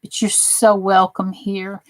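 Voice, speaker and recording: A woman's voice: mid-range voice, completely flat delivery, slow pace, no room sound. A woman with a Southern US accent hosting a crafting channel, chatting casually with viewers, sarcastic and teasing at times and earnestly encouraging at others.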